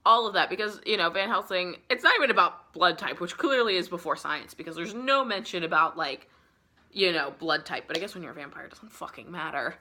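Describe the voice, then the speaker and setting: Talking a little fast in a lowish, bright, forceful voice, a twentysomething book vlogger who's had a few drinks loosely recaps a classic novel. She meanders, curses freely, and leans heavily on "like."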